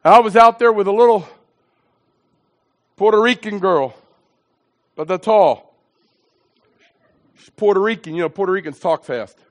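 Animated high-voiced male preacher. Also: moderate pace, pauses often. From southeastern Pennsylvania, US. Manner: animated, dramatic, swings from hushed to shouting. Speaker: evangelist preacher. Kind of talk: sermon testimony storytelling.

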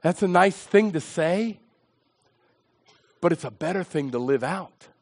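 A middle-aged preacher from southeastern Pennsylvania tells his testimony with a high, bright voice. He is animated and dramatic, dropping to hushed asides and climbing to shouts. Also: unhurried. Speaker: evangelist preacher. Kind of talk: sermon testimony storytelling.

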